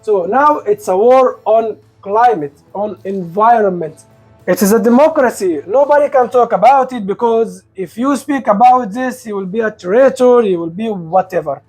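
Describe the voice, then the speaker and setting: Indignant high-voiced man ranting sarcastically. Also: normal speed, darkish tone, slightly rough, soft background music. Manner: indignant, sarcastic, rhetorical questions. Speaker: commentary video host. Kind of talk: opinion monologue.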